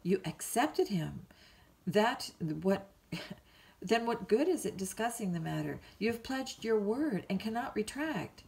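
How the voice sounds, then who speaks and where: A woman's voice: mid-range voice, very animated, takes it slowly, creaky, darkish tone, voice pushed up, heavily acted. A woman reading a bedtime story, voicing a blunt middle-aged housekeeper who answers in a dry, scolding way. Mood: tart.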